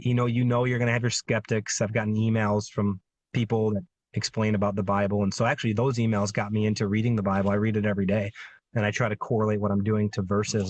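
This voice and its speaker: A man's voice: on the low side, dull audio. A man in his thirties, a guest medium, speaking earnestly in a casual interview chat with many fillers.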